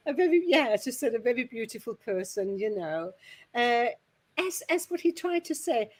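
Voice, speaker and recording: A woman's voice: fairly high pitch, lively intonation, moderate pace, a little mellow. A woman medium giving messages at a spiritualist service, chatty and rambling, often laughing.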